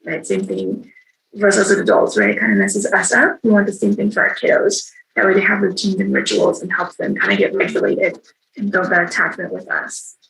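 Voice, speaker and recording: A woman's voice: medium pitch, lively intonation, a little fast, creaky, fairly bright tone, low-quality recording. A woman giving a virtual training to caregivers in a conversational way, often checking in with "right?". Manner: conversational, frequent tag "right?". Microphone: video call.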